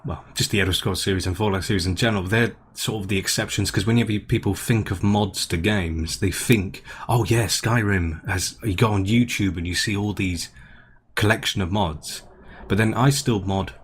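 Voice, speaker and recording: A man with a deep, low voice talks loosely about games on a podcast. He rambles and restarts his sentences often. A faint noise sits under the recording. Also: brisk. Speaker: podcast co-host. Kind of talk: casual chat.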